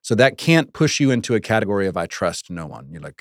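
A man's voice: lowish voice, big pitch swings, quick pace, no room sound, studio quality. A man hosting a faith podcast, teaching in an earnest, conversational way with the odd laugh. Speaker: podcast host and Bible teacher. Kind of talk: casual teaching talk.

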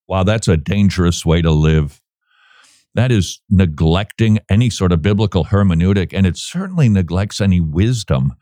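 A man's voice: deep voice, expressive, normal speed, dark tone, dry recording, studio quality. A man co-hosting a podcast, talking through religion and news in a sarcastic, joking way. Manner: sarcastic, joking, laughs often. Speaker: podcast co-host. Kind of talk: casual commentary.

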